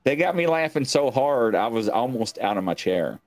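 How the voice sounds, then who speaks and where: Very animated and at a moderate pace, a man with a medium-pitched, darkish voice hosts a live online talk show from his home stream set. His chat is casual, rambling, joking and self-mocking, and there's no room sound.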